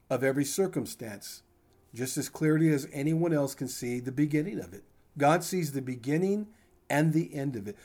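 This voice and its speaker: A man's voice: a little high, a little mellow. An older man preaching a sermon in a conversational, folksy way, with asides to his congregation. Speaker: pastor.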